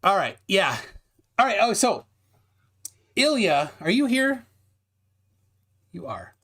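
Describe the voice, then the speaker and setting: A man with a high-pitched, husky voice hosts a casual livestream debate at a slow pace. He reads chat aloud and explains things in an animated way, restarting his sentences often.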